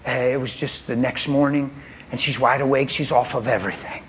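A man shares his sermon testimony in a medium-pitched, fairly bright voice, fairly quick and fairly even in intonation, over slight background noise. His telling is pointed, straight-talking and animated, with frequent laughter.

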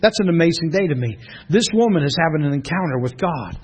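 A middle-aged man, a pastor teaching a class in a church room, telling stories in an animated way and often laughing. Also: a little high, fast, breathy edge. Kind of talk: preaching to a class. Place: church classroom, streamed online.

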